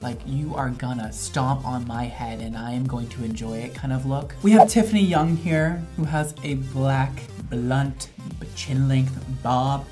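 A man's voice: fairly high pitch, darkish tone. A man, a hairstylist, giving casual commentary in a gushing, playful way with dramatic exclamations.

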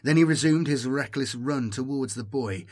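A man reading a dark science-fiction story aloud in a measured, dramatic narration style. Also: mid-range voice. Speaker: audiobook narrator. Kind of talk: scripted narration.

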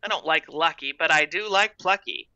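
A storybook reader voicing a small, gentle young girl who talks in a soft, pleading, raised voice. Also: mid-range voice, normal speed, no room sound, highs cut off. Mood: playful.

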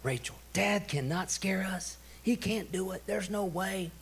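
A man's voice: sits high, measured pace, vocal fry, a little hiss or hum, pitched above the performer's own voice. A man doing a teasing little girl. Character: young girl, mocking and chatty.

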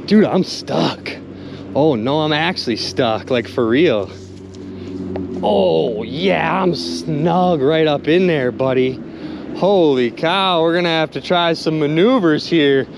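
A man vlogging while magnet fishing from a boat outdoors, excitedly narrating his finds to viewers and exclaiming often. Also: a little high, vocal fry, noisy background. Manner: animated, exclaims often, keeps addressing viewers as "you guys".

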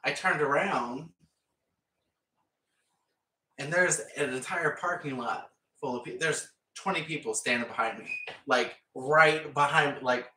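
Chatty man painting, bright echoey voice. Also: medium pitch, unhurried, long pauses. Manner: chatty, rambling, laughs often. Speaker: painting vlogger. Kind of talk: casual chat while painting. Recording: echoey room, mic far off.

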